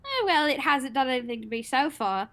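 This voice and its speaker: A woman's voice: high-pitched, animated, brisk, fairly bright tone. Woman doing a breezy, careless toon girl.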